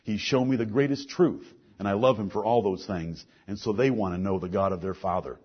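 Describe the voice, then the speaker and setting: A middle-aged man preaching a sermon, earnest, moving between soft asides and forceful lines. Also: on the low side, fairly quick, husky, highs cut off.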